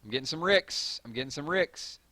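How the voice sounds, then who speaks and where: A man with a Southern drawl hosting a live stream, reading viewer comments and hyping up his audience in a rambling, excitable way. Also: on the high side, fairly quick, no room sound. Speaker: gaming channel host.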